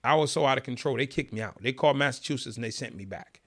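A man's voice: mid-range voice, fast talker. A middle-aged man, telling his story in an interview and acting out the people in it. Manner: animated storyteller acting out quotes. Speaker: podcast guest.

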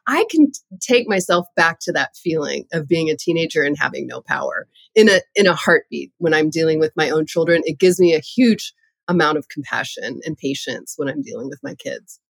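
A middle-aged woman who teaches parenting classes, telling stories in an animated, conversational way as an interview guest. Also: deep voice, brisk, vocal fry, husky, no room sound. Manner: lively, animated storytelling with laughs.

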